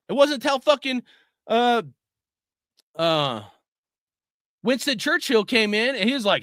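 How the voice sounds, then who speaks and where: This is a middle-aged man giving an angry opinion rant, swearing in nearly every line. His voice sits high and leaps around in pitch. It has a bright, tense edge and is recorded dry and close. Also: expressive, a little slow, long pauses, no echo. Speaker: video host.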